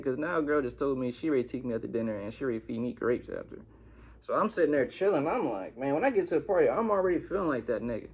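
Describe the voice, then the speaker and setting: A young man telling a storytime vlog in an animated, slangy way, cursing a lot. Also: a little high, gravelly, highs cut off. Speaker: vlogger.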